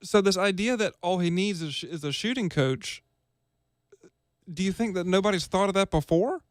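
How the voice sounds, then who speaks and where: A man's voice: high voice, expressive, normal speed, dry recording. A man co-hosting a sports talk radio show, dry and skeptical in his remarks.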